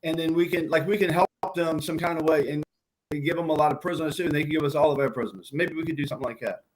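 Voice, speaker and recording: A man on a talk panel who jumps in often with quick agreeing remarks. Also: fairly high pitch, steady tone, rough recording. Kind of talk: casual debate.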